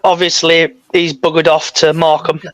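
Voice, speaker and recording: A man's voice: a little high, little pitch movement, moderate pace, a bit bright, poor audio. A man hosting a casual football fan podcast, steering the talk and swearing bluntly. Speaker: podcast host.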